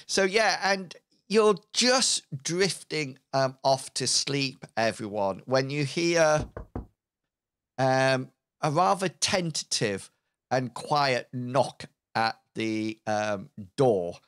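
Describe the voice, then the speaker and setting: A man narrating a tabletop game as game master, slow and halting, with many fillers. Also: mid-range voice, animated, a bit bright, clean tone.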